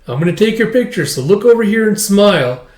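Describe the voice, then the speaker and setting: A man's voice: high voice, animated, brisk, darkish tone, roomy sound, voice pushed up. A man voicing a callous adult male kidnapper, talking bluntly and dismissively while reading a comic aloud.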